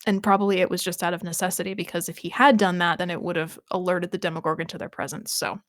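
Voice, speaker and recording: A woman's voice: fairly low pitch, level tone, fast, dry recording. Chatty woman podcast host, dry sound. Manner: chatty, laughs often, trails off and restarts. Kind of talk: casual podcast chat recapping a TV episode.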